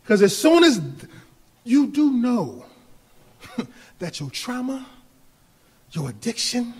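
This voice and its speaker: A male pastor preaching a sermon, building from quiet talk to shouted appeals with laughter in between. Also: very high-pitched, very animated, takes it slowly, husky. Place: church.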